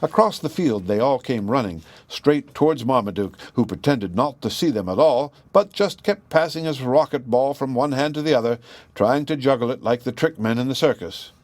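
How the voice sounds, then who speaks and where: A man narrating a children's storybook in a gentle, expressive way. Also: medium pitch, moderate pace, dry recording. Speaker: audiobook reader.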